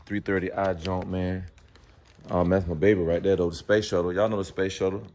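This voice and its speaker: A man vlogging casually to his viewers at a car service shop, drawling and tacking "man" onto nearly every phrase, dropping to low mutters and rising to excited high exclaims. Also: a little fast, slight background noise. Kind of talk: casual vlog talk to viewers. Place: car dealership service area, then in a car.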